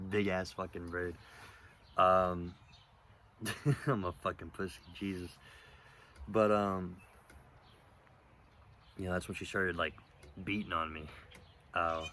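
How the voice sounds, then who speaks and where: A young man telling a personal story in a rambling, profane, halting way, with lots of fillers, outdoors. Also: low voice, a bit bright, a little hiss or hum. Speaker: vlogger. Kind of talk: casual storytelling monologue.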